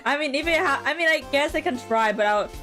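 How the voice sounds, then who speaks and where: A woman's voice: high voice, animated, normal speed, sharp tone, soft background music. Giggly woman streamer rambling. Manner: giggly, rambling, self-interrupting. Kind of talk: casual gameplay chat.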